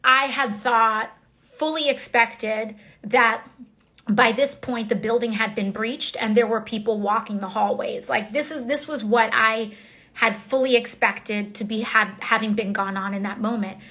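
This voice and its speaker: Woman recounting, halting and filler-heavy. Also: on the high side, steady tone, bright, forceful tone. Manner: rapid, halting retelling full of fillers and restarts. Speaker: member of Congress. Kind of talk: casual first-person recounting on a livestream. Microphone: phone.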